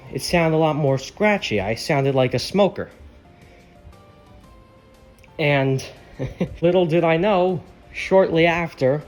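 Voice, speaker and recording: A man's voice: on the high side, a little mellow. A young man talking casually and candidly to his viewers, rambling a little and swearing freely. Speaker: YouTuber. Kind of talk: casual chat.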